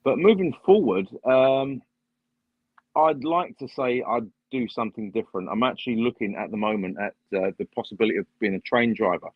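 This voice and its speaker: A man who works as a bus driver, chatting casually on a live stream, speaking in a measured way with frequent pauses and dry, wry asides. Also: medium pitch, slightly rough, no echo. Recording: dull lo-fi live-stream audio.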